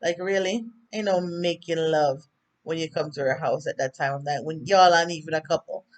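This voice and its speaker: A woman's voice: deep voice, steady tone, brisk. A woman with a Jamaican accent giving a casual, rambling TV episode recap full of fillers and asides to viewers. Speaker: TV recap vlogger.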